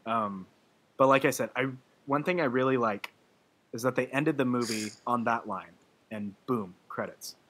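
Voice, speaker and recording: A man's voice: medium pitch, moderate pace, fairly bright tone. A man co-hosting a movie podcast, talking in an emotional, laughing way in casual chat. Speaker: podcast co-host.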